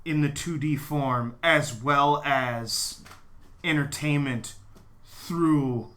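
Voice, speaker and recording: A man's voice: fairly high pitch, very slow, sharp tone. A man co-hosting a casual podcast, joking in a mock-grandiose way and laughing often. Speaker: podcast co-host.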